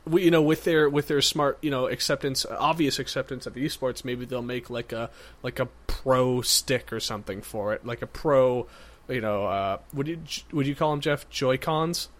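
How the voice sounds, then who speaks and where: A young man co-hosting a casual tech podcast, speaking haltingly as he steers the discussion. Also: mid-range voice. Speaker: podcast co-host.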